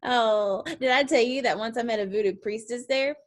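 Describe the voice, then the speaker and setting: A woman's voice: a little high, moderate pace, close to an everyday voice. An actress with a Southern US accent playing a bubbly, chatty young Southern girl who giggles and rambles on politely. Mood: apologetic. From New Orleans, US South. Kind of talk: stage play acting.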